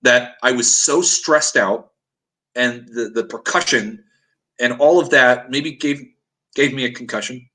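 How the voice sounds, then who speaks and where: Man, bright forceful voice, earnest dramatic storyteller, mid pitch. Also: measured pace, poor audio. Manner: earnest, dramatic retelling with acted-out quotes. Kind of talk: intense personal storytelling.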